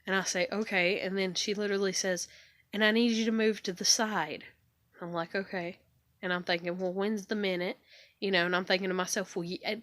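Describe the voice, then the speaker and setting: A woman's voice: medium pitch, a bit bright, dry recording. A young woman vlogging into her phone, venting in a frustrated, swearing, repetitive rant about home life.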